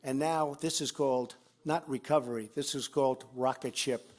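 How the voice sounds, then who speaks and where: A man in his seventies giving a campaign speech at a fundraiser, repeating phrases emphatically and swinging between loud and quiet. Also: medium pitch, fairly even intonation, normal speed, heavy background noise. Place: fundraiser event.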